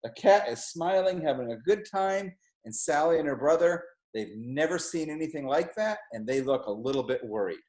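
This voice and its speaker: A middle-aged man, a college president, reads a picture book aloud to children, explaining the pictures in a slow and gentle way. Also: on the high side, expressive. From New Jersey, US. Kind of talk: read-aloud storytime. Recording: echoey room.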